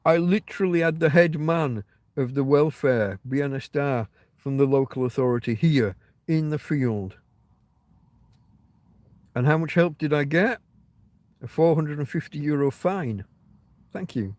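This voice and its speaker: A livestream host on private land outdoors speaks unhurriedly with long pauses, his fairly high voice a little mellow in a dry recording. He chats casually, telling rambling, wry stories with plenty of profanity.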